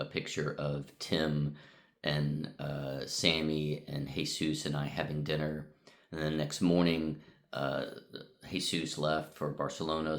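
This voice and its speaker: A middle-aged man with an extremely deep voice talks casually from a hotel room. He rambles through his thoughts with plenty of ums and uhs, and his pitch stays flat and level. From United States. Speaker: vlogger. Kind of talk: casual vlog recap.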